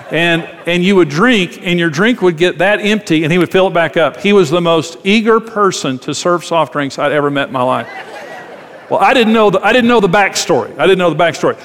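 A man's voice: on the high side, a little fast, fairly bright tone, long reverb tail. A man preaching a sermon as a pastor, talking conversationally, acting out quoted voices and repeating phrases.

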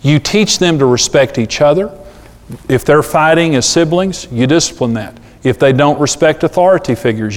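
A middle-aged man preaching a sermon on parenting, animated and acting out the voices he quotes. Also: a little high. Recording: long hall reverb.

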